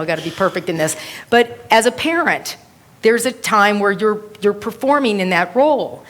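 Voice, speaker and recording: A woman minister giving a sermon to a congregation, telling stories and quoting others in an animated way. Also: a little high. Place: church service with a congregation.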